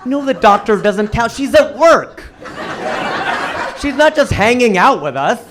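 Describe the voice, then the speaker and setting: High-voiced man doing stand-up. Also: unhurried, noisy background. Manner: animated storytelling with sudden jumps in pitch and volume. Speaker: stand-up comedian. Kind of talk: stand-up comedy set. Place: comedy club stage with live audience.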